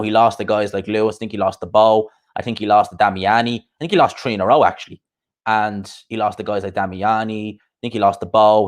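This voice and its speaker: A man with a fairly low voice hosts a casual live stream about boxing. He rants bluntly, swears freely and keeps asking rhetorical questions. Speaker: boxing podcast host.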